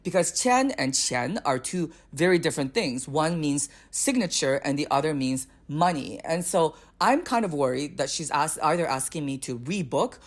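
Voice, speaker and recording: Animated woman telling a comic story. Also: low-pitched, moderate pace, few pauses. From Canada. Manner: animated, exasperated, rises to near-shouting punchlines. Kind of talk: comedic storytelling.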